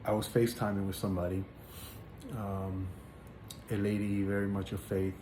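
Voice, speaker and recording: A man's voice: on the low side, completely flat delivery. Earnest man telling his testimony, roomy sound. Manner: earnest, halting, with many fillers and repeated words. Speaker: person sharing a religious testimony. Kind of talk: personal testimony, casual spoken storytelling. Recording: echoey room with faint background noise.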